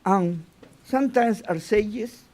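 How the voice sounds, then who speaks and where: A man with a fairly high voice gives an unhurried, informal Torah lesson. He stops and restarts his phrases and keeps checking in with his listeners by asking "you know?". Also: a little mellow. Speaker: rabbi teaching the weekly Torah portion.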